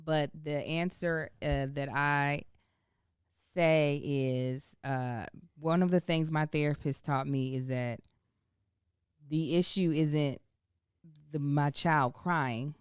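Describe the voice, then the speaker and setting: A woman's voice: sits low, fairly even intonation, slow pace, clear, resonant tone, no room sound, clean studio sound. A woman in her thirties co-hosting a podcast, talking candidly and reflectively about parenting with frequent laughs. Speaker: podcast co-host. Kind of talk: casual chat.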